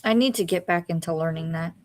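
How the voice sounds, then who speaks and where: A woman's voice: fairly low pitch, fast talker, a little mellow. A woman co-hosting a livestream, chatting casually and mostly giving short agreeing replies. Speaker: livestream co-host. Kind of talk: casual chat.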